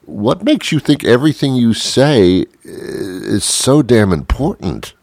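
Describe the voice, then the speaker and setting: A man's voice: mid-range voice, very animated, takes it slowly, gravelly, darkish tone, no room sound, clean studio sound, voice pushed up, exaggerated voice. A man voicing a fed-up male bystander in a comedy bit, scolding and exasperated.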